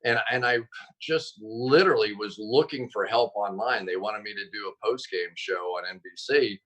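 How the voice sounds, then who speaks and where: Casting: man, low-pitched, bright timbre, animated self-deprecating storyteller on a video call. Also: normal speed, poor audio. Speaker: guest, former football player and broadcaster. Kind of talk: interview over video call.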